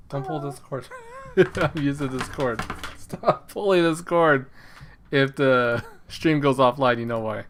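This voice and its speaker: Late at night at home, a man hosts a casual fantasy football livestream, playfully talking to a baby between remarks. His voice is fairly high and fairly bright, with slight background noise.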